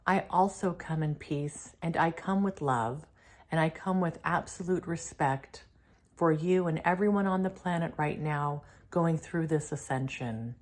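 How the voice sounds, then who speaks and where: A woman voicing a polite, humble male reptilian being from space who speaks softly and formally. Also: sits low, unhurried. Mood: gentle. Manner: soft-spoken, formal and courteous.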